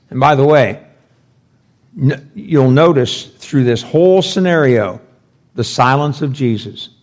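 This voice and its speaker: A man teaching through a Bible passage verse by verse, conversational and thinking aloud with rhetorical questions. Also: fairly high pitch. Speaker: pastor teaching scripture.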